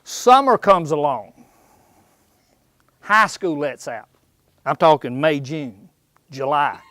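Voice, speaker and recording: A man's voice: fairly high pitch, animated, slow, a bit bright, no room sound. A man giving a live hunting seminar in a shop. He tells jokey folksy stories, acts out characters in slang and quizzes his listeners. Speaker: seminar speaker on deer hunting. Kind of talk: live seminar talk to a small crowd. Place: indoor outdoor shop.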